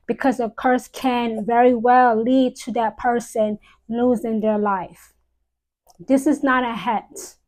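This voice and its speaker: Woman host for a live stream: slow, measured, solemn; leans on repetition. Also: on the high side, poor audio. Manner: solemn, repeats key phrases for emphasis. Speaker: witch giving a live-stream talk.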